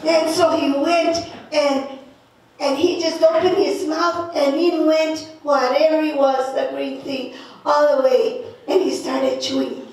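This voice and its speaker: Slow, high-voiced woman storyteller from New Mexico. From northern New Mexico. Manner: lively, laughing, slow telling. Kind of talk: folk tale storytelling. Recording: echoey, from far off.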